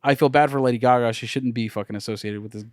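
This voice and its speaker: A man's voice: medium pitch, fairly even intonation, fast, a little mellow, no echo, studio quality. A man co-hosting a casual podcast chat, blunt and emphatic, swearing freely. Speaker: podcast co-host.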